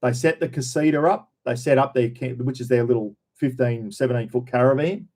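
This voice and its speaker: A man's voice: medium pitch, steady tone, fairly quick, a little mellow. A middle-aged man with an Australian accent, hosting a casual livestream chat, rambling, repeating himself and greeting viewers. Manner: rambling, repeats himself, says "everyone" and "bloody". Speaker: livestream host. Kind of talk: casual live chat reading viewer names.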